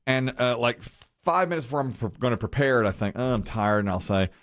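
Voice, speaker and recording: Animated middle-aged man telling a story. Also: mid-range voice, fast. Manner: animated storyteller, laughs often. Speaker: morning show host. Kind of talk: casual chat.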